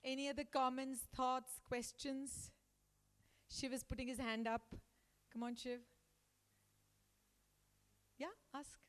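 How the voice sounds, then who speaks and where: A woman's voice: high-pitched, slow, long pauses. A woman giving an emphatic motivational talk to school staff as a guest speaker. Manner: emphatic, acts out quotes in lively voices. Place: school hall. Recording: long hall reverb.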